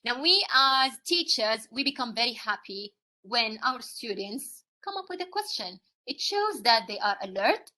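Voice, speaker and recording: A woman's voice: a little high, big pitch swings, measured pace, sharp tone. A woman with a Saudi Arabian accent, an English teacher whose first language is Arabic, giving a live training talk to other teachers, explaining through questions, fillers and frequent "okay?" checks.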